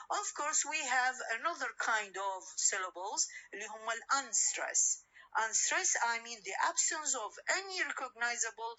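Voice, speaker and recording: Bright-voiced woman lecturing. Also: on the high side, a little hiss or hum, poor audio. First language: Arabic. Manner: switches between English and Arabic, frequent fillers and questions to students. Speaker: phonetics lecturer. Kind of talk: recorded university lecture.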